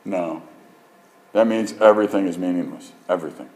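A male preacher giving a sermon in an animated, joking, emphatic storytelling manner. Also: low voice, fairly quick, rough recording.

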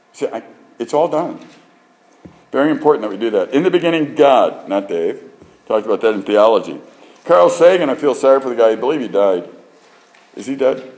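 A male preacher giving a sermon in an animated, joking, emphatic storytelling manner. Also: fairly low pitch, poor audio.

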